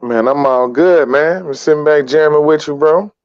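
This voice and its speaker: A man's voice: fairly high pitch, moderate pace, a little hiss or hum. A man chatting casually on a stream, laid-back and slangy, with lots of "you know what I'm saying". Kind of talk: casual chat. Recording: dull dry lo-fi sound.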